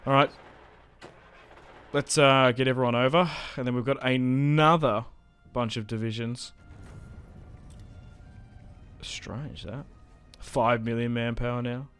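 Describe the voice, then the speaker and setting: A young man giving casual, chatty commentary while playing a strategy game, getting excited and laughing often. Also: medium pitch, slow, pauses often, smooth, faint music behind. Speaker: gaming YouTuber.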